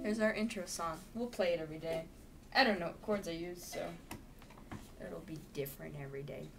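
A young woman vlogging casually to camera, chatty and playful, now and then breaking into loud sing-song bits. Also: fairly low pitch, a little fast, creaky, loud music behind the voice. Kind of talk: casual vlog chat.

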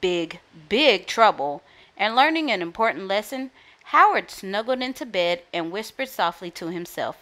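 A woman storyteller reading a children's book aloud in a lively, expressive way. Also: medium pitch, normal speed.

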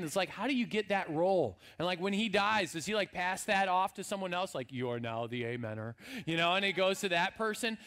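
A man's voice: high voice, fairly bright tone. A young man preaching a sermon as pastor, in a casual, humorous storytelling way. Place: church sanctuary.

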